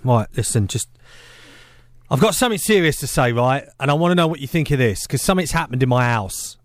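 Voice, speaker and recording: A man's voice: medium pitch, animated, brisk, no echo. A man hosting breakfast radio, cheeky and teasing in playful banter from a studio.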